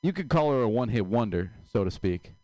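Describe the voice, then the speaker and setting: A man's voice: mid-range voice, lively intonation, fast, mellow, no echo. A man doing a stand-up comedy set in a dry, self-mocking way. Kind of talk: stand-up set at open mic.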